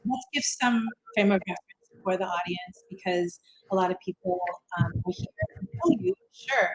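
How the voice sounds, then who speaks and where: A woman's voice: medium pitch, poor audio. A woman hosting a casual interview over a video call, chatty and upbeat, talking her plans aloud and repeating herself as she goes. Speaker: host.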